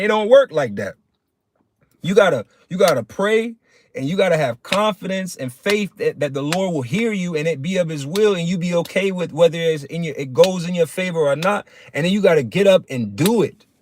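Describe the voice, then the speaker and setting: A man giving a casual sermon on a livestream, preaching in plain street talk and calling his listeners "man". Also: a little high.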